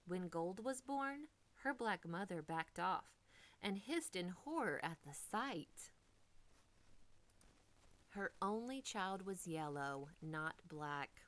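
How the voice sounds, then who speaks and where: A woman reading a children's storybook aloud, expressive and dipping into whispers for drama. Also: lowish voice, takes it slowly.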